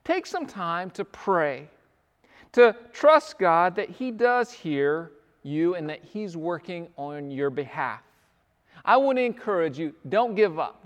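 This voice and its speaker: A male pastor delivers a sermon in a notably high voice, earnest and pleading, and he acts out the voices in his stories. The sound carries the long reverb of a large hall. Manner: storytelling with acted quotes, earnest and pleading.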